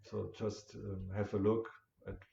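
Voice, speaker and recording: A man talking through his rhythm system in a halting, casual lesson, with many fillers, counting rhythm syllables aloud. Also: on the low side, level tone, creaky, warm tone. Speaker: musician explaining rhythm concepts. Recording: roomy, dull lo-fi audio with faint noise.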